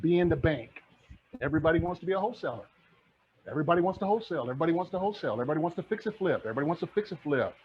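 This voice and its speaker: A man's voice: a little high, animated, very fast, a little hiss or hum. A middle-aged man giving a motivational talk as a real estate mentor, fired up and repeating his points like a preacher. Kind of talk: motivational presentation. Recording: muffled lo-fi audio.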